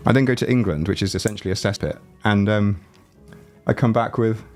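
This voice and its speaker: With faint music behind him, a YouTuber with a lowish, rattly voice from a chest cold talks fairly quickly. He's livestreaming from home, loosely chatting and joking with viewers on a desk mic, no headphones.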